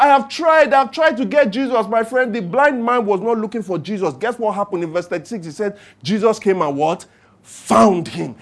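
A Nigerian man preaches a sermon in church, his voice pitched notably high for a man. He speaks with emphatic force and keeps throwing call-and-response questions to the congregation. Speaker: pastor.

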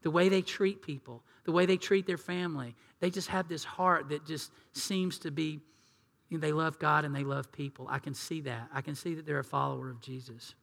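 A man's voice: a little high, normal speed, gravelly, fairly bright tone, long reverb tail. A man preaching a sermon as pastor, earnest and conversational, dropping into acted asides. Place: church sanctuary.

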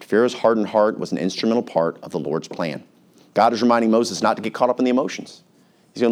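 A man's voice: fairly low pitch, fast talker, a little mellow. A male pastor preaching a sermon in an earnest, conversational way, reading scripture aloud.

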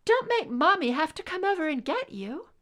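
A woman's voice: very high voice, big pitch swings, normal speed, a bit bright, voice pushed up, full character voice. A woman voicing a weary, half-hearted young mother on a plane in a read-aloud story, sounding tired and apologetic.

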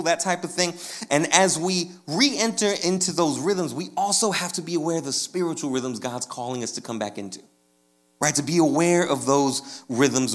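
A man preaching a sermon in a loose, conversational way, with casual slang and lively swings in energy. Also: a little high. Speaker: pastor.

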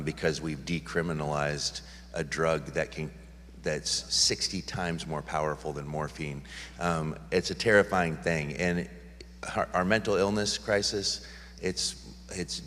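Man, pastor, low-pitched, earnest, rambling, long hall echo. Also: a bit bright, slight background noise. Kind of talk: church Q&A talk.

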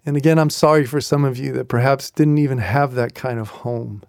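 A man's voice: mid-range voice, steady tone, fairly quick, a little mellow, clear, resonant tone, no echo, clean studio sound. A man hosting a devotional podcast, teaching in an earnest, reflective way and repeating key phrases. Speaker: podcast host and Christian teacher.

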